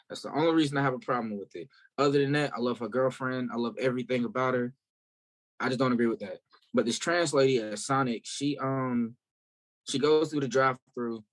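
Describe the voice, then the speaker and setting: A man from South Carolina, a guest musician in a casual interview, telling stories in a candid, animated way. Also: medium pitch.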